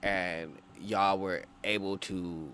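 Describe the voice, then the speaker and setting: A man with a low voice co-hosting a casual podcast discussion. He builds his points slowly with frequent restarts, over a faint background hiss. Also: fairly even intonation, sharp tone. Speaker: podcast co-host.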